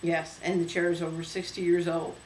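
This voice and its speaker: Woman host, low voice, chatty and halting, home video in an echoey room with faint hiss. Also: level tone. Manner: chatty, hesitant, many fillers. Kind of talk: casual home video show.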